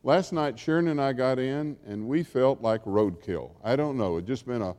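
A man's voice: mid-range voice, normal speed, darkish tone. A man preaching a sermon as a pastor, in a conversational storytelling way that acts out quotes. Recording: long hall reverb.

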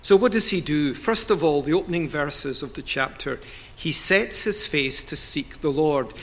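A man preaching a sermon in an earnest, deliberate way, now and then rising to loud cries as he quotes scripture. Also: fairly high pitch, animated.

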